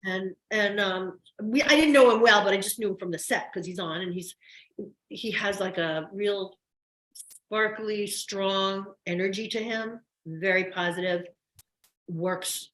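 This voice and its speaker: A woman's voice: medium pitch, measured pace, fairly bright tone. An older woman, a soap actress guest, telling stories in a chatty, effusive way with many restarts. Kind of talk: casual interview chat. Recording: roomy echo.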